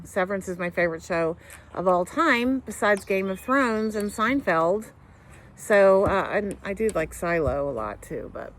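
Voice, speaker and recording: A middle-aged woman hosting a knitting podcast, chatting casually to camera at home, rambling through tangents and fillers and talking with her hands. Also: mid-range voice. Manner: animated, talks with her hands. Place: home couch.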